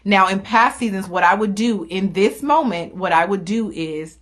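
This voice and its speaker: A woman's voice: mid-range voice, normal speed, hardly any pauses, sharp tone. A young woman hosting her podcast, talking candidly and emphatically as she encourages listeners in their faith. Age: young adult. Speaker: podcast host. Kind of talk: faith-based motivational talk. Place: small home recording studio.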